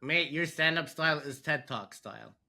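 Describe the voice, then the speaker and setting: A man's voice: fairly high pitch, normal speed, pushed and bright. A man co-hosting a podcast, teasing his guest in laid-back banter and calling him "bro" and "mate.". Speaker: podcast co-host.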